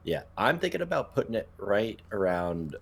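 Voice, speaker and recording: A man with a deep voice and a husky, rough-edged tone, talking on a casual podcast. He is laid-back, swears now and then and drifts off mid-thought with ums. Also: very animated, moderate pace. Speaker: podcast co-host.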